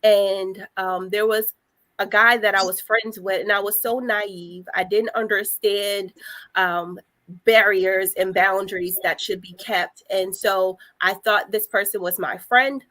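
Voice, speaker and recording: A young adult woman telling her story on a panel, soft and hesitant, with frequent pauses. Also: mid-range voice, steady tone. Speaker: panel guest sharing survivor story. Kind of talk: personal testimony on a panel.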